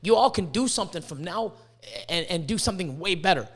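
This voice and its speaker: A man with a notably high voice hosts a casual podcast, swearing freely and rambling through animated stories. He sounds hot and sweaty, talking from a warm indoor room. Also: fairly quick. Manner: profane, rambling, animated storytelling. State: sweating, overheated. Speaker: podcast host, reptile breeder.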